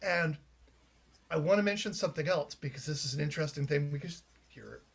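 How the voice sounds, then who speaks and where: A man's voice: on the high side, brisk, creaky, slightly rough. A man from Canada, a playwright being interviewed, telling anecdotes in a chatty way with frequent restarts. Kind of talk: casual interview chat.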